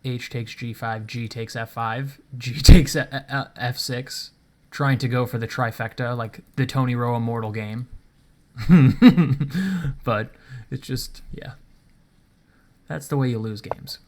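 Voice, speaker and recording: A man's voice: medium pitch, takes it slowly, long pauses, a little mellow. A man casually commenting on his own chess game, thinking aloud and chuckling at himself, recorded at home in his apartment. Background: faint rain noise.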